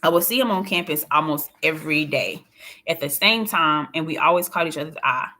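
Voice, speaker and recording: A woman's voice: low-pitched, brisk, sharp tone. A woman reading a first-person audiobook in a plain, confiding storytelling voice. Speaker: audiobook narrator.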